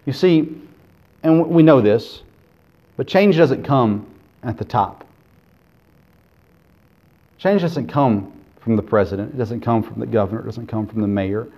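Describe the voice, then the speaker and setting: A man preaching a sermon as pastor, earnest, swinging between loud emphasis and quiet, intimate asides. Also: medium pitch, measured pace, long pauses. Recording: dull lo-fi sermon recording.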